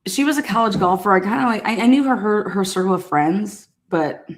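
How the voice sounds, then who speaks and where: A woman casually telling a profane, animated story, often laughing and acting out what people said. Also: medium pitch, brisk. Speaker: storyteller recounting past events. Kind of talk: casual anecdote.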